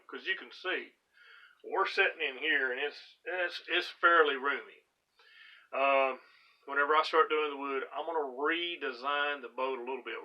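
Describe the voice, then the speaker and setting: Man, middle pitch, out of breath, rambling with fillers, casual vlog host, boat cabin, muffled lo-fi audio. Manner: rambling, with many fillers and restarts. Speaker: boat restorer and channel host. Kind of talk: casual vlog talk to camera.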